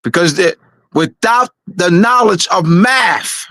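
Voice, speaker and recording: A man's voice: sits high, lively intonation, slow, sharp tone, dry recording. A man giving an emphatic lecture-style talk, hammering points home with repetition and restarts. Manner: insistent, repeats key points, frequent restarts. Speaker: presenter of a weekly talk show.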